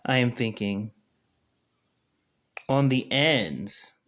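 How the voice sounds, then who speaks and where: A man's voice: mid-range voice, lively intonation, extremely slow, fairly bright tone. A man giving a casual live-stream tutorial, talking viewers through each step and often checking that they follow along. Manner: conversational, keeps checking in with viewers. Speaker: spiritual teacher.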